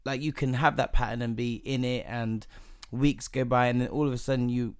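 A man's voice: mid-range voice, fairly even intonation, fairly quick, clean tone, no room sound, clean studio sound. A man, co-hosting a casual podcast chat, playful and sweary, calling his co-host babes.

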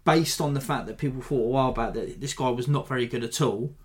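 A man hosting a podcast, giving a rambling, animated breakdown of a fight in a self-deprecating way. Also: mid-range voice, quick pace. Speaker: podcast host. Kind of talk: casual fight analysis.

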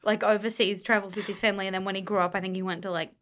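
A woman's voice: mid-range voice, racing, crowd noise. A woman co-hosting a casual book chat, telling stories with lots of laughter. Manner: laughing, animated storyteller. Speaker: podcast co-host.

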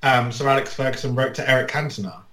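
A man co-hosting a football podcast and trading dry asides with the others. His voice rings in a noticeably echoey room. He speaks plainly, in a medium pitch. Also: fast, bright, forceful tone. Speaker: podcast co-host. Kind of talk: casual football podcast chat.

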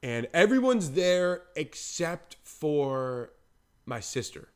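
A man's voice: fairly high pitch, slow pace, clean tone. A man, a podcast co-host, telling a childhood story in casual talk and animatedly acting out the voices of others. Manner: animated, acts out quoted voices.

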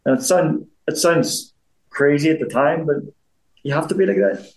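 The audio is poor and roomy as a Belfast-accented man in his fifties, formerly a boxer, talks as an interview guest. A little high-voiced and animated at a moderate pace, he rambles in casual chat, repeating himself and often starting sentences over.

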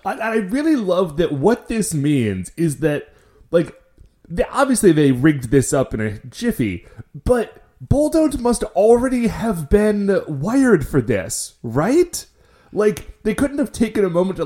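A man's voice: a little high, big pitch swings, takes it slowly, dark tone. A man co-hosting a casual chat, adding wry comments. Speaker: podcast co-host.

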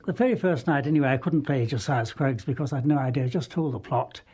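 A man's voice: medium pitch, fast, darkish tone, breathy edge. A man recalling his time with a small touring theatre company, in an amused, rambling way. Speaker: retired touring actor. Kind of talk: anecdotal storytelling.

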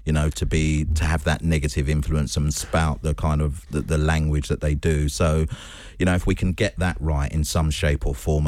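A man's voice: rumbling low, a little mellow, dry recording, clean studio sound. A man, a guest on a radio show, speaking in an earnest, thoughtful way. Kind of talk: casual radio chat.

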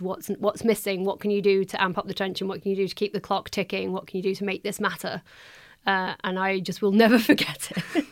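A woman's voice: medium pitch, no room sound, clean studio sound. A woman in her thirties, a guest novelist chatting casually on a podcast, telling stories with lots of laughter. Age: 30s. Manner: lively storyteller, quick to laugh. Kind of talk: casual chat.

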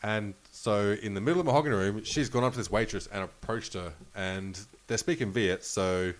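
A man's voice: lowish voice, fairly quick. Rambling man telling stories. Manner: rambling, swearing, laughs often. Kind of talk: casual storytelling chat.

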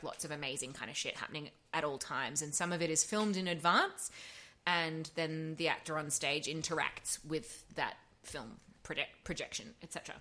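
Bright-voiced actress telling stories. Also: female voice, deep voice. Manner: animated storytelling, swears freely, acts out quotes. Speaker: actor and audiobook narrator, guest. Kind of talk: casual podcast chat.

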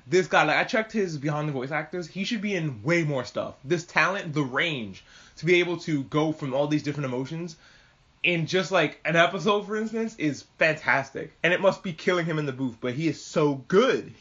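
A man's voice: fairly high pitch, expressive, fairly quick, fairly bright tone. A man hosting a casual spoken anime review, swearing and laughing often as he retells scenes. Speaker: podcast host reviewing anime. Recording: dull lo-fi audio.

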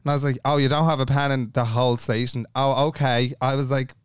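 Fast-talking Irish man telling a story. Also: medium pitch, clear, resonant tone, dry recording, studio quality. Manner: animated, acts out every voice in his story, swears freely. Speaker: podcast co-host. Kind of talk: casual storytelling chat.

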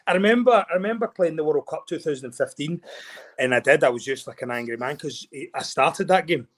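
A Scottish man, a former rugby player, chatting as a guest, excitable and animated, often repeating and restarting words. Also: a little high, a little fast. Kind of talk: casual chat.

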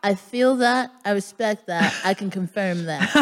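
A woman co-hosting a live comedy podcast on stage, cracking sassy jokes. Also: mid-range voice. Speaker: guest co-host. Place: live stage in a concert hall. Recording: reverb of a live concert hall.

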